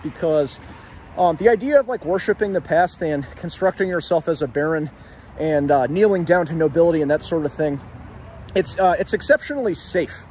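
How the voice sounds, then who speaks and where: A man's voice: on the high side, fairly quick, darkish tone, a little hiss or hum. A young man hosting a casual video about a novel, talking while walking along an outdoor street. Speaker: literature video host. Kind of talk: casual literary discussion vlog.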